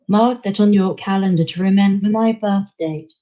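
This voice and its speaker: A woman's voice: mid-range voice, normal speed, highs cut off, natural voice. Synthetic woman's voice as posh English robot. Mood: cheerful. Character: posh female robot, calm and chatty.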